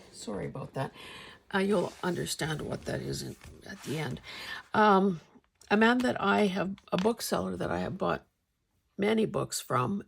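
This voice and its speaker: A woman vlogger chatting casually about her finds in a wry, meandering way, often clearing her throat. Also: medium pitch, slight background noise. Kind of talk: casual show-and-tell chat.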